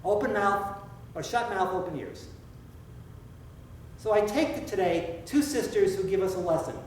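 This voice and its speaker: A male pastor preaching to his congregation, heard from a distance in a very echoey church. He talks in a conversational way, asks questions and slows down to stress a point. A faint room hum sits under his voice. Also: sits high, animated. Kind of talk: sermon. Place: church sanctuary.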